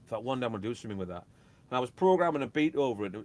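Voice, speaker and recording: A man, a DJ and label owner, chatting casually and telling animated stories that act out beats and quotes. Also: medium pitch, rapid-fire, slight background noise. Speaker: guest, DJ and record label owner. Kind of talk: casual chat.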